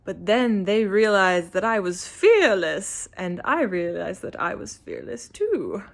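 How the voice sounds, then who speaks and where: A woman's voice: medium pitch, very animated, a little slow, gravelly. Bubbly fearless cook, as a woman quotes her. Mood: elated.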